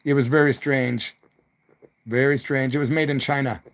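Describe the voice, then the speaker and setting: A man's voice: medium pitch, fairly even intonation, moderate pace. A middle-aged man, a rock musician, rambling through stories on his evening live stream with loose slang and the odd hoot.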